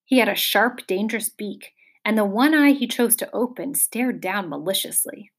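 A woman reading a children's fantasy novel aloud in a measured, expressive storytelling voice. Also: medium pitch. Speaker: audiobook narrator. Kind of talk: scripted narration.

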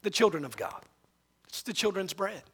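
A man preaching in a large hall, with a voice pitched very high for a man. He tells the story with drama and acts out each speaker in turn. A long reverb trails every phrase. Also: very animated, moderate pace, sharp tone, breathy edge. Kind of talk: sermon.

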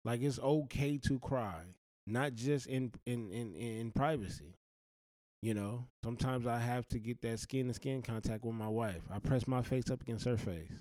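A man's voice: medium pitch, normal speed, darkish tone, no room sound. Earnest man giving blunt life advice. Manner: earnest, blunt, slangy, heartfelt. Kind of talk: direct-to-camera life advice monologue.

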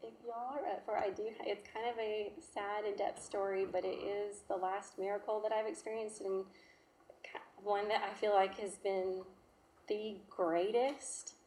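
A woman, telling a personal testimony in an emotional, halting way. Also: medium pitch, steady tone, darkish tone, slight background noise. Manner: emotional, halting, with fillers and restarts. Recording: echoey room.

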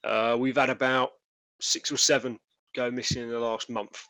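Brief: man voicing older market trader, blunt and cocky, louder than his own voice. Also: mid-range voice, little pitch movement, normal speed, no room sound, poor audio. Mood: grumbling. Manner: blunt, cocky, says mate a lot. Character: cocky older male market stall worker.

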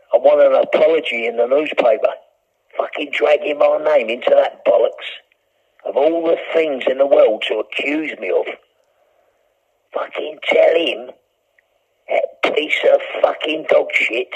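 A man's voice: medium pitch, gravelly, husky. An older man, a prisoner ranting with heavy swearing in a recorded phone call. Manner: profane, ranting, aggrieved. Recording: muffled prison phone line.

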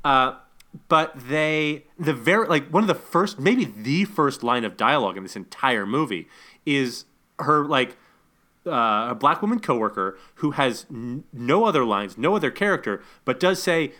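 Bright, lively man ranting about a movie. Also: mid-range voice, normal speed. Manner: animated, indignant, stumbling restarts. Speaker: podcast co-host. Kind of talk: casual movie-review chat.

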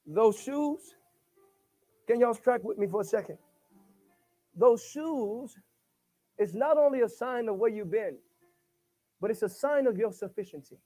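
Very high-voiced preacher man. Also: animated, a little slow, long pauses, mellow, faint music behind. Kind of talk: sermon.

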